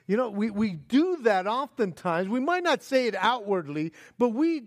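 A man's voice: high-pitched, normal speed, few pauses. A male pastor preaching a sermon, acting out panicked pleas and laughing often between points. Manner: animated, acts out panicked pleas with frequent laughs.

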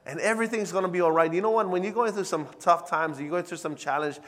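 A man preaching a sermon, calling out to the congregation and swinging from hushed to loud. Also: high-pitched, quick pace. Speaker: pastor. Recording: long hall reverb.

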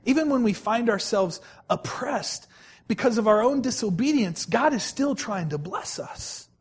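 High-voiced man preaching a sermon. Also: lively intonation, slightly rough. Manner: emphatic, repeats phrases, slows right down to stress key words; addresses and questions the congregation directly. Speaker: pastor.

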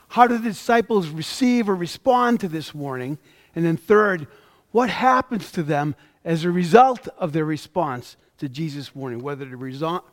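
A male pastor preaching a sermon, reading scripture aloud and stressing the quoted words. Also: on the high side. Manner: reads scripture aloud, with emphatic rises on quoted lines.

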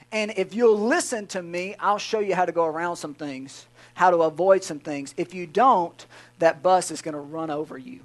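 A middle-aged pastor with a drawl delivers a sermon in a high voice. He talks in a folksy, joking way and leans hard on key words. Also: moderate pace. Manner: folksy, jokey preaching with emphatic swells.

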